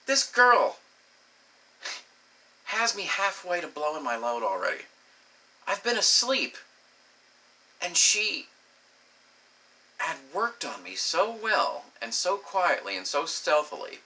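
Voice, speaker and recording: A young man telling a crude comic story, profane and animated, acting out the voices in his quotes. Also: a little high, takes it slowly, long pauses, slight background noise. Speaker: comedic storyteller. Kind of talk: crude comedic monologue.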